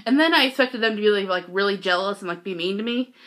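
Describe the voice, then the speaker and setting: A teenage girl vlogging, telling a story casually, giggly and excitable with lots of "like". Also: mid-range voice, fast talker.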